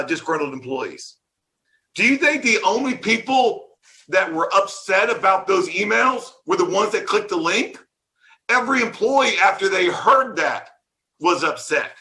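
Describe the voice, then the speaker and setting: Male conference speaker, high bright voice, sarcastic and animated rant on stage. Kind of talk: conference talk.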